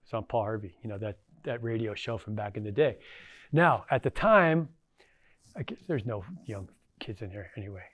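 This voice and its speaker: A man's voice: fairly low pitch, animated, moderate pace, dry recording. A middle-aged man, a former tribal council member, giving a casual storytelling talk to an audience, folksy and anecdotal with lots of fillers.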